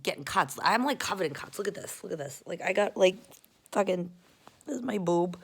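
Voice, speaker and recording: A woman vlogging at home, rambling bluntly and swearing as she talks to a camera she holds close, jumping between loud outbursts and quiet mutters. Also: medium pitch. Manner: rambling, profane and blunt, often restarting. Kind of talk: casual confessional rant.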